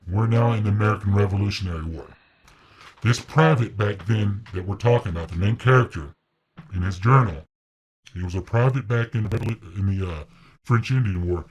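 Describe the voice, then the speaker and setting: A man's voice: on the low side, darkish tone, breathy edge. A man casually telling a long story, rambling with asides and restarts.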